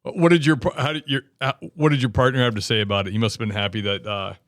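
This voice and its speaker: A man's voice: medium pitch, fairly even intonation, fast talker, a bit bright, no room sound, studio quality. A man hosting a casual interview, reacting to a guest's story with short remarks and follow-up questions. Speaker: podcast host.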